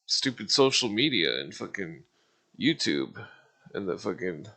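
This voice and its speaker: This man in his forties has a fairly low voice with big pitch swings, vocal fry and a pushed, bright quality, and he speaks a little slowly. Ranting casually to his livestream audience, he rambles, swears constantly and laughs at his own jokes.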